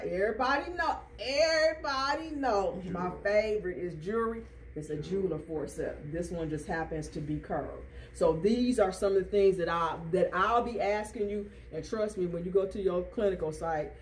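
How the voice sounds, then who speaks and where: An instructor teaching a class, drilling terms through rhythmic repetition and call-and-response questions. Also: medium pitch. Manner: quizzes students with call-and-response. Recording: distant classroom recording, faint noise.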